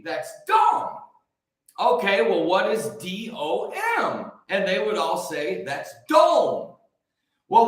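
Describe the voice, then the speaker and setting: An American man hosting a morning livestream, hyped and shouting out viewers by name with rhyming catchphrases. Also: sits high, heavy reverb, rough recording. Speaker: livestream host. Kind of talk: upbeat live-stream greeting viewers.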